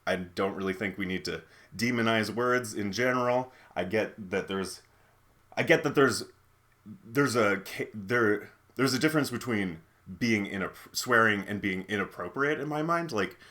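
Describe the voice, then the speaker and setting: A man's voice: on the low side, fairly bright tone. A man hosting a casual video, reading online posts aloud and giving his opinions in a chatty, rambling way. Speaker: video host.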